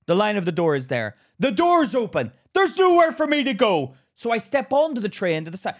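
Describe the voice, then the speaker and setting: Male podcast co-host, high and very lively voice, profane storyteller. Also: a little fast, few pauses. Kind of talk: casual chat.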